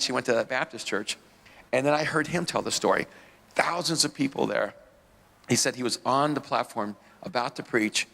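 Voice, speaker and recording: A pastor as interview guest tells a story in a loose, rambling way, restarting sentences and chuckling at himself. His voice has a gravelly edge. The sound carries the long reverb of a hall. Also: mid-range voice, fairly bright tone.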